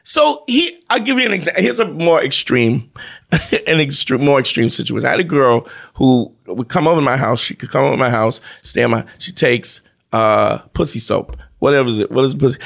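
A man's voice: medium pitch, lively intonation, brisk, creaky, fairly bright tone. A man in casual chat, telling a profane story with lots of acted-out dialogue.

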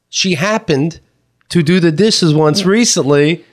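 A man co-hosting a casual advice podcast, telling a story and mimicking voices in a high pitch when quoting. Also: animated, normal speed. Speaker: podcast co-host.

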